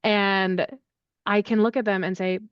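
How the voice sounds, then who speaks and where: A woman's voice: mid-range voice, measured pace, smooth, dry recording. Chatty woman guest, dry dull sound. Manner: animated, chatty, with lots of fillers. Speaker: accessibility services head, podcast guest. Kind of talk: conversational interview answer.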